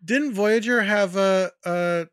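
A woman co-hosting a casual podcast, cracking deadpan jokes. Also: mid-range voice, slow, smooth, no room sound, studio quality. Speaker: podcast co-host. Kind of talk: casual chat.

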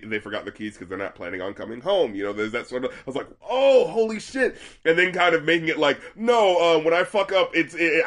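Young male podcast co-host, casual and animated, swears a lot, rambles with fillers. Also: medium pitch. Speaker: podcast co-host reviewing albums. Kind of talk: casual chat.

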